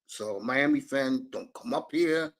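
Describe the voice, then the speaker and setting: A man's voice: mid-range voice, a little slow, a bit bright. A man hosting a live sports talk stream, brash and profane, calling out chat viewers by name. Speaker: sports talk show host.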